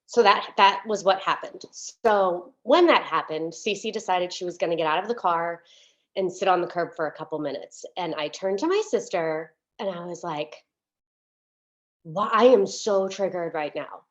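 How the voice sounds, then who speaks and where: A woman's voice: fairly low pitch, normal speed. A woman minister giving a sermon as a candid, chatty personal story, with many fillers and restarts, at times close to tears. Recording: dull lo-fi recording.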